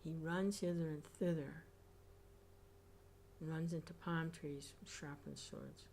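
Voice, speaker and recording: A woman reading scripture aloud and commenting on it as a class teacher, reflective and pausing with soft hums. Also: low voice, fairly even intonation, a little hiss or hum.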